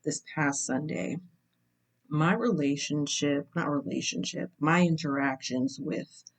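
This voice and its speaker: A young woman hosting her channel, telling a personal story in a casual, measured way and checking in with "right?" asides. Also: low-pitched.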